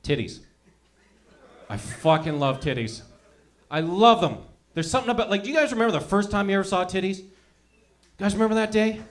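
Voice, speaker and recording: A young adult man doing a profane, rambling stand-up comedy set, telling animated stories to a crowd. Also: high voice, brisk, pauses often.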